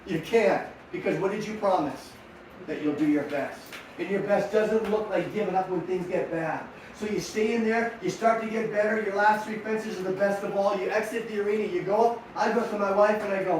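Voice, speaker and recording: A middle-aged man giving a motivational talk to young riders, energetic and full of rhetorical questions. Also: high voice, brisk, slight background noise. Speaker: sports mental coach. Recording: echoey room, mic at a distance.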